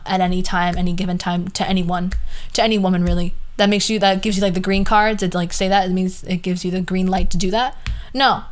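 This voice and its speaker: A young woman with a low-leaning, smooth voice hosts a podcast, ranting casually with exasperation and sarcasm. She swears freely and drifts off into asides.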